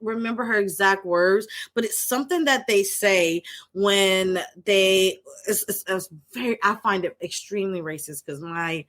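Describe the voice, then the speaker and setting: A woman's voice: mid-range voice, a little slow. A woman co-hosting a podcast, telling a personal story in casual chat and acting out the people in it. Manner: animated, acts out quoted voices. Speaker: podcast co-host, mental health professional.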